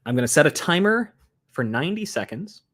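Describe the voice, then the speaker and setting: A man's voice: a little high, very animated, brisk, fairly bright tone, husky. A man co-hosting a podcast livestream, explaining game rules casually with many fillers and restarts. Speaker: podcast co-host.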